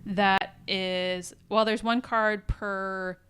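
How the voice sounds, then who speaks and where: A woman with a smooth, resonant voice talks through a TV episode scene by scene. She co-hosts a relaxed podcast chat and often quotes what the characters say. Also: mid-range voice, drawn-out words. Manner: recounts scenes in detail, quoting characters. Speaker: podcast co-host. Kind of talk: casual TV recap chat.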